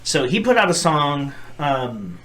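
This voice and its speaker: A man's voice: a little high, very animated, slow pace, a bit bright. A young man co-hosting a podcast, talking in a rambling, profane, earnest way in casual chat. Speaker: podcast co-host.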